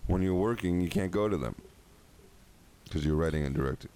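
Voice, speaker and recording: A man's voice: deep voice, fairly quick, dark tone. A man hosting a podcast, chatting casually and joking in a rambling, tired way. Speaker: podcast host. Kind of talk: casual chat.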